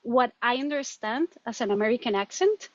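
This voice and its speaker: Woman, Colombian accent, Spanish native speaker, animated interview chat, slightly high pitch, dull lo-fi sound. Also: brisk, a little hiss or hum. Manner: animated, laughs often, restarts words. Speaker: guest. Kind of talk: conversational interview.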